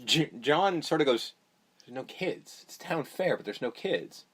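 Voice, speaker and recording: A man's voice: a little high, lively intonation, moderate pace, a bit bright, husky. A young man hosting a podcast, recapping a movie in a rambling, profane, offhand way. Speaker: podcast host. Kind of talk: casual movie recap chat.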